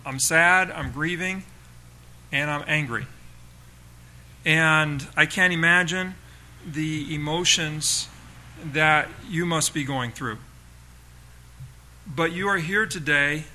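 A man's voice: a little high, bright, forceful tone, slight background noise, low-quality recording. A man as a pastor, speaking earnestly and emotionally at a funeral, addressing the grieving son directly with repeated phrases. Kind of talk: funeral sermon.

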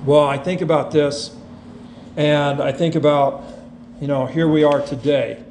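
A man preaching a sermon, earnest and unhurried, reading scripture with feeling. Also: fairly high pitch, steady tone, darkish tone, slight background noise. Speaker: pastor. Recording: echoey room with faint ambience.

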